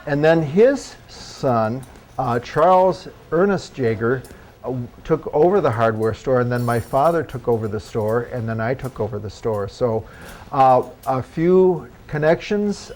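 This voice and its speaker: A man's voice: mid-range voice, a little mellow. An older man with a Northwest Ohio accent, talking to a meeting audience in a chatty, folksy way with small jokes. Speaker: guest speaker, historical re-enactor. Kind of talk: casual talk to an audience. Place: hotel meeting room.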